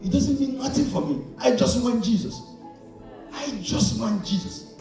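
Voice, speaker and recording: A man preaching a lively call-and-response sermon, asking the crowd to fill in words and acting out little scenes as his voice swings from loud to soft. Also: very high-pitched, a little slow, faint music behind. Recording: echoey hall, far from the mic.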